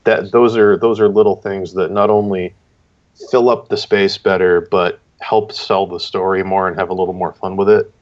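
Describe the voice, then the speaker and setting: Low-voiced man giving rambling critique. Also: little pitch movement, normal speed, darkish tone. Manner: rambling, filler-heavy feedback. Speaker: guest judge critiquing comics. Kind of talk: casual critique on a livestream. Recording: dull lo-fi stream audio.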